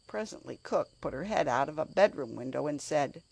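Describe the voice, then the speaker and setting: Lively, breathy woman narrator. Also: sits low, a little fast, hardly any pauses, no room sound. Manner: expressive, animated reading. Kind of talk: storybook narration.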